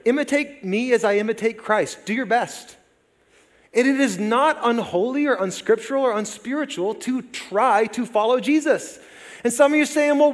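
Male pastor, 40s, high voice, lively conversational sermon with humor, hall reverb. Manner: lively, conversational preaching with jokey asides. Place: church sanctuary. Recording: long reverb of a large hall.

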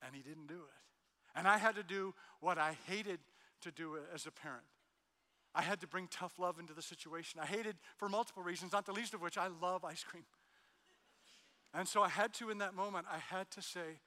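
A middle-aged male pastor preaching a sermon, telling a family story, with hushed lines and loud emphatic peaks. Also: sits high, normal speed, clear, resonant tone. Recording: long hall reverb.

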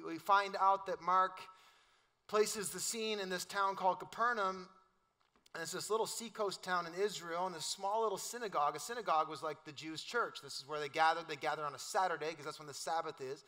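High bright-voiced pastor. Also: male voice, brisk. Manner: casual, joking, storytelling with quoted voices. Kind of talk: sermon.

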